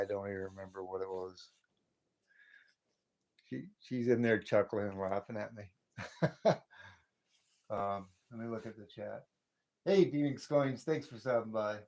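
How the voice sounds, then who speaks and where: Low-voiced folksy middle-aged man. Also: darkish tone. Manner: folksy, chatty, greets viewers as brother. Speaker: live stream host. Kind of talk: casual live stream chat.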